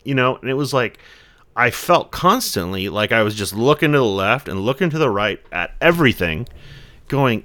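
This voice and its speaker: A man's voice: medium pitch, expressive, moderate pace, fairly bright tone. A man in his forties, a podcast guest talking casually and reflectively, rambling with lots of "you know" fillers. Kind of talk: casual conversation.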